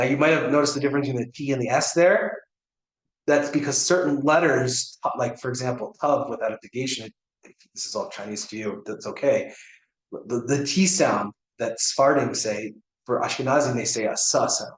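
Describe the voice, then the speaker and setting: Brief: American man, rabbi teaching a class, chatty and halting, mid-pitched, echoey classroom. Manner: conversational, many fillers and restarts, checks on students. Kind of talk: informal class lecture. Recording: echoey room.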